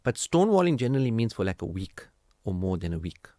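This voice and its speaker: A man hosting a radio marriage counselling talk, animated and preachy, acting out quoted family dialogue. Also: lowish voice, fast, no room sound, clean studio sound. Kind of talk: casual radio advice talk.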